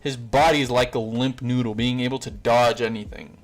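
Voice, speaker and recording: A man's voice: mid-range voice, fairly even intonation, normal speed. A man narrating a fan-made story in a casual, rambling way, with fillers and self-corrections.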